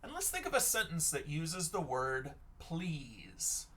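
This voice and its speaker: A man's voice: fairly high pitch, sing-song, takes it slowly, sharp tone, slight background noise. A male teacher giving a recorded reading lesson for children, patiently sounding out words letter by letter.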